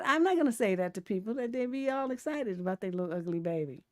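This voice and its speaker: A woman's voice: on the high side, quick pace, hardly any pauses, dry recording, studio quality. Blunt, laughing woman live-stream host. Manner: blunt, laughing, acts out quotes in animated voices. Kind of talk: casual live stream commentary.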